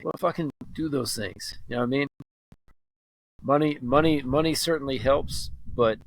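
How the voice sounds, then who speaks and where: A man's voice: medium pitch, no room sound, rough recording. A man co-hosting a podcast, wrapping up the show with earnest, motivational talk and swearing for emphasis. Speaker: podcast co-host. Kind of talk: casual chat, show wrap-up.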